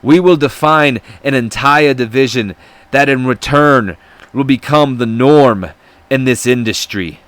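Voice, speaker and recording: A man voicing a boastful male luchador wrestler in a put-on Spanish accent, proclaiming loudly. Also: medium pitch, unhurried, no echo, natural voice. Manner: loud, proclaiming, braggart.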